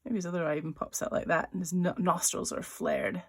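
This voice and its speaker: A woman's voice: on the low side, fairly even intonation, gravelly, slightly rough. A woman illustrator leading a drawing lesson, chatting playfully and thinking aloud as she draws. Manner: chatty and playful, voicing little sound effects; talks while drawing, with pauses and restarts. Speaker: writer-illustrator teaching a drawing workshop.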